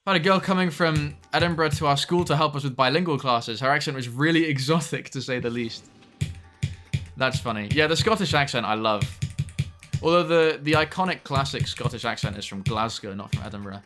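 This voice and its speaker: A young adult man streams a game and chats casually with viewers, reading their messages and swearing at the game now and then. His medium-pitched voice is brisk and plays over music.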